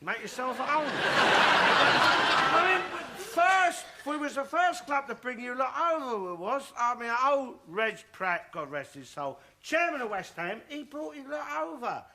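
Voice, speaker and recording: A loudmouthed old bigot rants and shouts about football. His voice sits very high and cuts sharp and bright. His tone swings up and down as he blusters. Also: expressive, a little slow, a little hiss or hum, full character voice. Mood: ranting. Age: older. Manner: blustering, shouting, self-satisfied ranting. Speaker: sitcom character. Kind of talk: studio sitcom acting.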